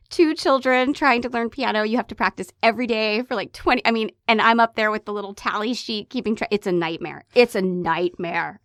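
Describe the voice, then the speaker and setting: A woman in her thirties talks with passion on a podcast, pressing her points hard and pleading with listeners. Her voice sits at a middle pitch, and the recording is close and dry with no room sound. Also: fairly bright tone, no room sound. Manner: impassioned, emphatic, pleading. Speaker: podcast co-host, hypnotherapist. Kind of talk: casual podcast chat.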